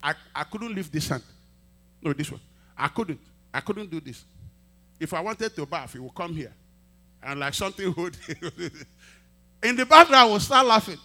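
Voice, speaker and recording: A male pastor preaching a sermon, telling a testimony and acting out the dialogue, swinging from quiet asides to loud emphatic peaks. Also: fairly high pitch, a little slow, pauses often. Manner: acts out quoted dialogue in storytelling.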